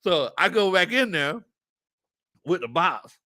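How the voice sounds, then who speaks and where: Lively, bright-voiced male sports host. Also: sits high, unhurried. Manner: laughs often, reads chat comments aloud, storytelling. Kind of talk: casual livestream chat.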